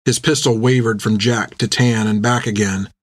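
A man's voice: lowish voice, normal speed, no echo. Man narrating a story in a dry close voice. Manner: steady, even storytelling. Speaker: audiobook narrator.

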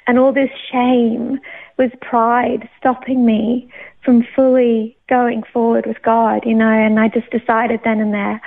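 A woman from England sharing her personal faith testimony, emotional and often laughing as she speaks. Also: a little high. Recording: tinny phone-like sound.

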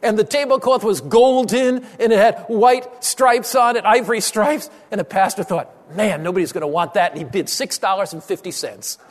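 A man preaching a sermon, telling a story with dramatic pauses and slowing on key phrases. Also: high-pitched. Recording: long hall reverb.

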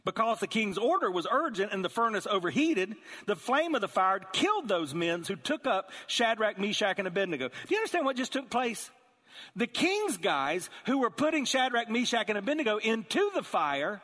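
Male pastor, fairly high voice, lively storytelling sermon, big church reverb. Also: moderate pace. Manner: animated storytelling, acting out characters.

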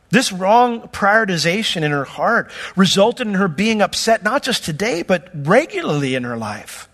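A man preaching an expository sermon in a slightly higher voice, teaching through scripture with emphatic, conversational asides. His voice rings with a long reverb, as if in a large hall. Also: very animated, moderate pace, few pauses, fairly bright tone. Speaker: pastor.

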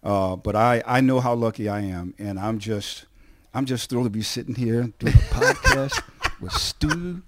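A man's voice: mid-range voice, normal speed, a little hiss or hum. A man in a podcast interview, a TV on-air personality telling stories with many repeats and restarts. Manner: animated storyteller, repeats words and restarts. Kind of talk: casual storytelling chat.

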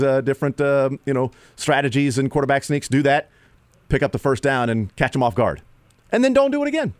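A man hosting sports talk radio, rambling and animated, who sometimes mimics players in a raised voice. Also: mid-range voice, no room sound.

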